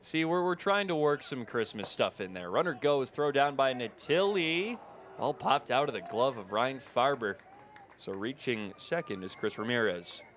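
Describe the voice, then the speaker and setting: A man's voice: mid-range voice, animated, normal speed, a bit bright, slight background noise. A man with a Midwestern accent calling baseball play by play, his voice jumping up on big plays. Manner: rises sharply on big plays. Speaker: play-by-play broadcaster.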